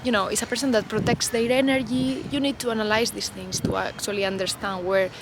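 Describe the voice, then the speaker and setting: A woman's voice: medium pitch, steady tone, brisk, vocal fry, background noise. A woman vlogger talking unscripted to camera outdoors, in a loose, reflective way full of "you know" and "like".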